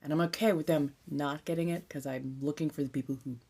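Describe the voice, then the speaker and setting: A woman with a Californian accent, chatting casually on a live stream, laid-back and swearing freely, now and then dropping into soft whispers. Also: sits low, steady tone, quick pace, husky. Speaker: ASMR streamer.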